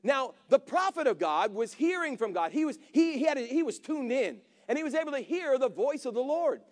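A man preaching with a strikingly high-pitched voice. He tells the story with energy, acting out the characters and drawing the congregation in with questions. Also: a little fast. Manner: animated, acts out characters, calls to congregation. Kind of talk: sermon storytelling.

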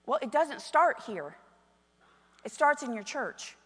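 A woman's voice: on the high side, animated, takes it slowly, long pauses. Woman pastor preaching in a reverberant hall. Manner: preaching with swings from soft storytelling to loud emphatic calls. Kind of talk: sermon. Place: church sanctuary. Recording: long reverb of a large hall.

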